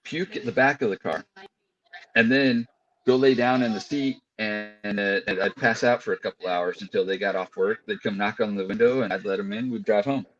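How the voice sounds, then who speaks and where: A man's voice: fairly low pitch, fairly even intonation, moderate pace. A man as a podcast guest, chatting casually and telling laid-back stories over an internet call. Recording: dull lo-fi call audio.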